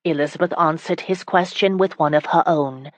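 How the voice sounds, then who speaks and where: A woman reading a romance audiobook in calm, even storytelling. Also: low voice, normal speed, dry recording. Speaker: audiobook narrator. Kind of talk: scripted audiobook narration.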